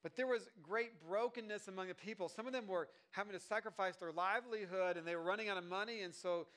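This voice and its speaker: A man's voice: high voice, fast talker, a bit bright. A male pastor giving a sermon in a casual, conversational way, with joking asides and lots of fillers and restarts.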